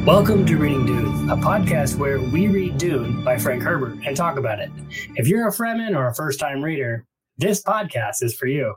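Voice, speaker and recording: A man's voice: sing-song, over loud music. A man co-hosting a book podcast, reading passages aloud and chatting casually, recorded in a small closet. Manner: reads the epigraph slowly and low, then chats playfully. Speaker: podcast co-host.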